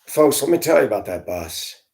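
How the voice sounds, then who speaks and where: A middle-aged man recounting his years as a school bus driver in an easygoing, conversational monologue. His voice sits at an ordinary male pitch, and he talks straight to his listeners as he tells the story. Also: very animated, normal speed, vocal fry, darkish tone. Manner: conversational, addresses listeners directly, acts out dialogue in his telling.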